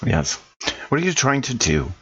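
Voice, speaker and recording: A man voicing a calm synthetic crewman who plugs into machines, speaking in a slow, measured, matter-of-fact way. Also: medium pitch, breathy edge, muffled recording, exaggerated voice.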